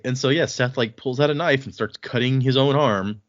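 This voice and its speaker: A man co-hosts a casual book podcast, chattily recapping the plot and acting out quick snippets of dialogue. His voice is mid-range, with no echo and the highs cut off.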